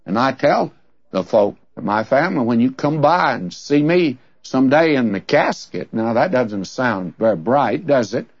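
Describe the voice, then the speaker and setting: A man's voice: medium pitch, animated, unhurried, no room sound. A man teaching from the Bible in a conversational sermon, telling stories in a folksy way and asking rhetorical questions. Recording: dull, dry lo-fi recording.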